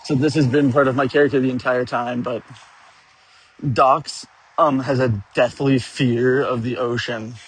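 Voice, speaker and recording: A man's voice: mid-range voice, fairly even intonation, unhurried, breathy edge. A man telling a rambling, profane story about his tabletop game, chuckling now and then as he goes. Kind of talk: rambling casual storytelling rant.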